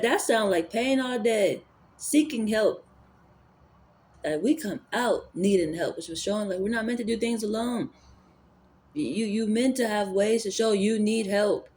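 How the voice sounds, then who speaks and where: A mid-range voice, with a little hiss or hum, carries a spiritual vlogger's casual monologue. The speaker rambles and muses about energy and spirituality, using repeated fillers and frequent restarts.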